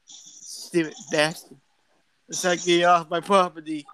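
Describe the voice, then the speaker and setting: A man's voice: on the high side, flat delivery, measured pace, a bit bright, clear, resonant tone, low-quality recording. A man playing an angry, swearing trailer owner in an improvised comedy skit. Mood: furious. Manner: blustering, swearing. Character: angry cursing man defending his trailer.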